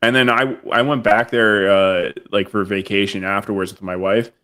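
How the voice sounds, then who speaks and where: A man, a military veteran and guest on a podcast, relaxed and telling stories in casual chat with small chuckles. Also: on the low side, moderate pace. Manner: relaxed anecdotal storyteller, chuckles between phrases.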